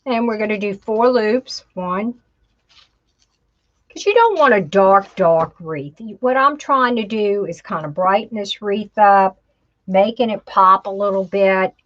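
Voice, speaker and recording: In a live crafting tutorial, a craft instructor talks to herself as she works and calls her viewers "y'all." Her voice is medium in pitch with lively intonation, her pace is unhurried, and the sound is lo-fi.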